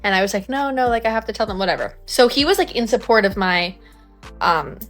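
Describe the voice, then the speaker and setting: A woman's voice: medium pitch, expressive, brisk, faint music behind. A young woman telling a personal story in a chatty, casual way, full of fillers and giggles. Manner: chatty, lots of "like" and "whatever", giggles. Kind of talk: casual anecdote.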